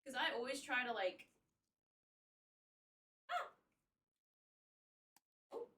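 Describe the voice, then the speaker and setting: A young woman streaming at home in a loose, chatty way, swearing freely and laughing often. Her voice sits a bit high and sounds bright. She is set back from the mic in an echoey room. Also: sing-song, very slow. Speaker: livestreamer. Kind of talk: casual chat while wrapping gifts. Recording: roomy sound from a distance.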